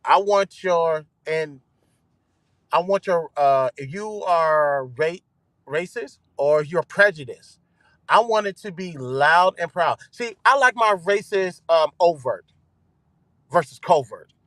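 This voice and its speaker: A man hosting his own show, ranting loudly with swearing and repeating himself for emphasis. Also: fairly high pitch, animated, slow, dry recording. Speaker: host. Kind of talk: ranting live commentary.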